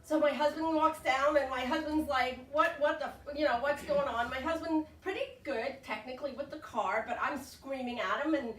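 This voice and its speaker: An older woman telling a comic story, animated and frantic when she quotes herself. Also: sits high, normal speed, few pauses, reverberant, recorded from a distance.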